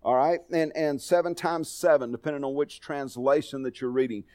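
A man's voice: on the high side, fairly quick, a little mellow. A middle-aged man preaching a sermon, telling folksy personal stories in a conversational way. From Texas. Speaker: pastor.

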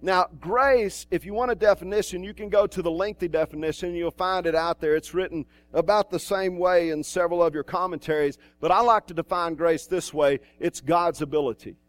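A man's voice: high-pitched, fairly quick, few pauses, no room sound. A male pastor preaching a sermon in a church, in a conversational way with asides and restarts.

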